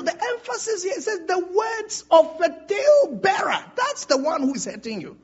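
A man's voice: very high voice, very animated, normal speed, few pauses, darkish tone, muffled recording. A male pastor preaching a sermon, drawing call-and-response from the congregation.

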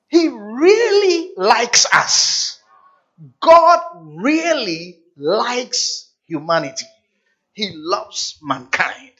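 A preacher delivering a sermon dramatically, repeating and stretching key words, dropping to a hush and then rising to a shout, and often asking the congregation questions. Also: high voice. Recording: dull lo-fi sound.

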